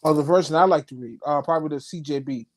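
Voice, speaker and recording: A man's voice: on the high side, fast. A man in a religious debate, answering questions curtly and tersely. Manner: curt, short answers. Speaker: debate opponent. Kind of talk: debate exchange.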